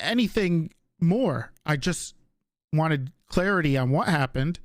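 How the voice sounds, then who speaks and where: A man's voice: a little high, very animated, measured pace, no room sound, clean studio sound. A man in an in-character roleplay argument, hesitant and stammering as he defends himself. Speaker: police department leader in roleplay.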